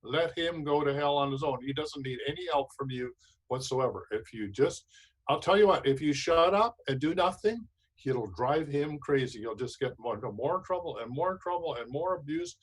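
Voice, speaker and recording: A man's voice: a little high, expressive, moderate pace, slightly rough, poor audio. A man hosting a talk show, giving emphatic, preachy advice and repeating his points. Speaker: show host.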